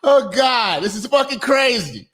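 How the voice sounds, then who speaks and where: A man hosting a reaction commentary show, loud and crude, laughing and breaking into shouts. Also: very high-pitched, lively intonation, unhurried. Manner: crude, mocking banter. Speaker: host.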